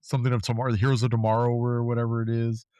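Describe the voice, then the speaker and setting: A man's voice: medium pitch, level tone, racing, mellow, smooth, no echo. A man co-hosting a podcast, chatting casually and acting out quoted people as he tells a story. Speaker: podcast co-host. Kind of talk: casual chat.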